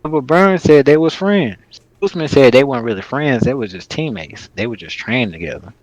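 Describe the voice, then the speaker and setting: A man's voice: mid-range voice, lively intonation, moderate pace, no echo, rough recording. A man co-hosting a casual podcast, ranting in a heated, profane, rambling way. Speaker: podcast host.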